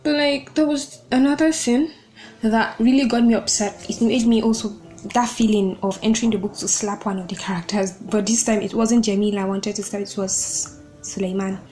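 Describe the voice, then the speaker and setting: A young woman with a slightly high voice talks through a book she loves on her podcast. She is openly emotional and gushing, with a casual, chatty delivery. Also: steady tone, moderate pace, dark tone. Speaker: podcast host reviewing a book.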